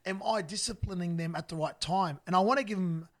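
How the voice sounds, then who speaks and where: A man hosting a casual interview, talking quickly and excitably. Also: high voice. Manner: fast, excitable, laughing often. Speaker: podcast host.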